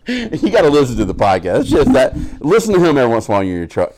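A man's voice: mid-range voice, huge pitch swings, a little fast, darkish tone, slight background noise. A man co-hosting a podcast, telling stories in a casual, profane way and laughing often. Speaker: podcast co-host. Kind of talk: casual chat.

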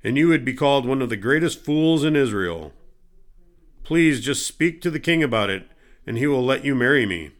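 A man voicing a desperate young woman, a king's daughter, reading her pleas louder and more urgently than his narration. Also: medium pitch, lively intonation, moderate pace, lightly acted. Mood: pleading.

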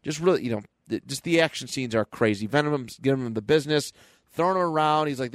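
A man co-hosting a podcast, recapping a comic book in casual chat and jumping into quick character voices as he goes. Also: fairly high pitch, dry recording. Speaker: podcast co-host.

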